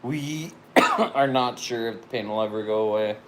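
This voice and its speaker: A man's voice: mid-range voice, normal speed, very noisy. A man answering viewer questions in a casual chat, plain and matter-of-fact with short answers.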